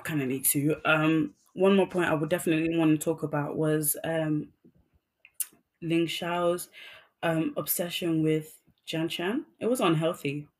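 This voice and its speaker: A woman co-hosting a relaxed podcast, recapping a drama she loved. She talks effusively and animatedly, piling up fillers as she tells the story. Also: low-pitched, unhurried. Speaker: podcast co-host. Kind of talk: casual chat reviewing a drama.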